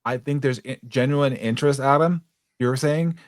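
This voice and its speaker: A man's voice: medium pitch, normal speed, dry recording. Man, podcast host, casual interview chat, affirming, rambling restarts, dry close sound.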